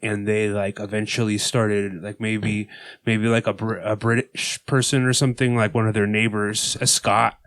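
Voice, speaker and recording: Rambling, deadpan male podcast co-host. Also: fairly low pitch, moderate pace, no room sound. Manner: rambling, tongue-in-cheek, many fillers. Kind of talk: casual chat.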